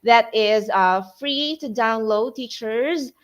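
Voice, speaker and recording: A woman from the Philippines runs an online lesson for tutor applicants, reading word lists aloud slowly and deliberately. Her voice sits a little high, and she keeps checking in with her listeners as she goes. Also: lo-fi sound. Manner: slow, drilling words aloud, addresses listeners as teachers, frequent okay. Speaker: tutor trainer. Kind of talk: online webinar lesson on pronunciation.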